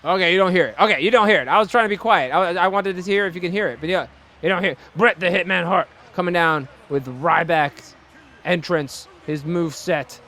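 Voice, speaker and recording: A man's voice: sits high, brisk, pushed and bright. A young man hosting a wrestling video game series, giving rambling, jokey play-by-play commentary. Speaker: let's play host.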